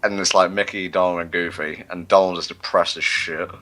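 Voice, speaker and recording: A man's voice: low-pitched, steady tone, fairly quick, bright, forceful tone. A man co-hosting a gaming livestream, rambling and self-mocking in casual chat. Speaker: livestream co-host.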